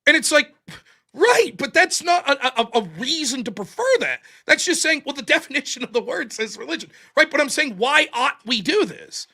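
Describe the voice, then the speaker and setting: A man's voice: extremely high pitch, lively intonation, brisk, gravelly, hardly any pauses, pushed and bright. A man casually recapping a debate he took part in, talking bluntly and swearing often. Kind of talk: casual post-debate chat.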